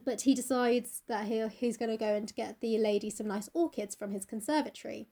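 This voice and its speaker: A woman's voice: on the high side, fairly even intonation, warm tone. Sweary woman retelling a novel. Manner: swears freely, acts out characters' lines in quick voices. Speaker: book podcast host. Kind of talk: casual chat retelling a novel.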